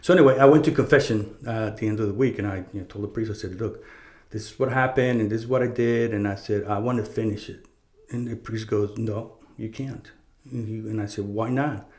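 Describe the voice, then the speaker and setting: A man's voice: lowish voice, fairly even intonation, fast, a little mellow. A middle-aged man hosting a show, telling a personal story in a rambling, fervent way, with frequent restarts and swearing. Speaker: podcast host. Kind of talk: casual storytelling monologue. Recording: echoey room.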